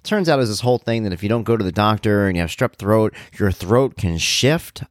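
Middle aged guy podcasting, low voice, rambly and joking at himself, dry close mic. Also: animated, fairly quick, no echo. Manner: rambling, self-deprecating humor. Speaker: podcast host. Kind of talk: casual storytelling monologue.

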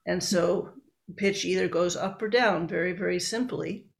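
A woman's voice: on the low side, fairly even intonation, moderate pace, creaky. A woman researcher and book author explaining her work step by step in an interview.

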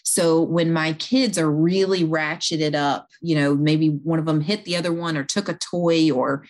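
A woman speaking as an interview guest, calmly explaining and talking through everyday examples. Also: sits low, unhurried. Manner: calm, explanatory, talks listeners through examples. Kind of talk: conversational advice.

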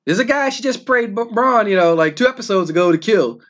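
A man, a self-published author, ranting casually and profanely about a TV finale, exasperated, with quick asides. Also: sits high, animated, fairly bright tone. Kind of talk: casual rant.

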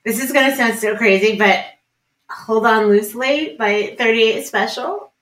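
A woman guest on a podcast, animated and laughing as she tells her stories. Her voice rings in a roomy, echoey space. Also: on the high side, a little slow. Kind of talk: casual storytelling.

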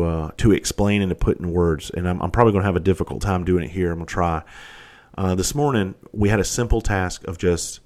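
A man's voice: low-pitched, a little mellow. A man hosting a podcast, talking candidly in a rambling, profane monologue. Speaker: podcast host. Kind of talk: casual monologue.

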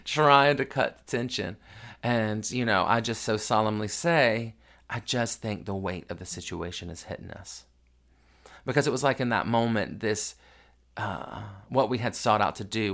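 In a fairly low, fairly bright voice, a man hosting a podcast shares a family story. His casual monologue feels raw and emotional, with no editing.

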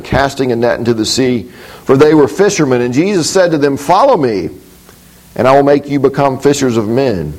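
Man reading scripture in a measured voice. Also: mid-range voice, a little mellow, low-quality recording. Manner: thoughtful, explanatory, with frequent hesitations. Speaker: Bible teacher.

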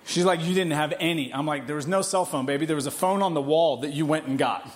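A man in his forties preaching a sermon in a church, telling a family story in an animated way. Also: on the high side, fast. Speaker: pastor. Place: church hall.

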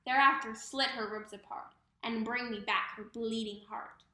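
A woman voicing a vain, spoiled queen who yells vicious, bossy orders. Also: fairly high pitch, fairly even intonation, normal speed. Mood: raging. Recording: roomy echo.

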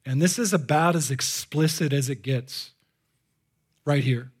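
A man preaching a live sermon to a congregation as pastor, animated and swinging between loud exclamations and hushed asides. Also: mid-range voice, measured pace, slightly rough. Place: church before a congregation.

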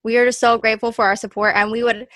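An earnest woman co-hosting a podcast, her voice sitting a little high and sounding dry and close. She talks casually and warmly to listeners, getting a bit emotional and laughing along the way. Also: flat delivery, racing, dry recording. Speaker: podcast co-host.

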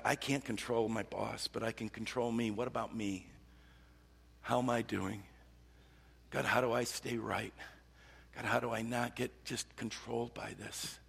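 Male pastor, earnest sermon, gravelly and breathy, long reverb tail. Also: medium pitch. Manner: earnest, repetitive, stumbling restarts, drops to soft voice.

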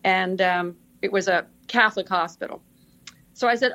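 A middle-aged woman, a senior executive assistant appearing as a podcast guest, tells work stories casually and laughs often. Her voice is medium-pitched with a sharp tone, at normal speed.

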